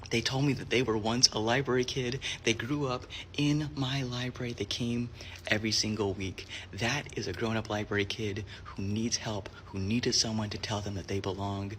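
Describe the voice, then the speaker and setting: A man's voice: on the low side, steady tone, normal speed, a bit bright, a little hiss or hum. A man working as a librarian, telling heartfelt stories in an earnest monologue that sometimes drops to a whisper. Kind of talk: storytelling monologue.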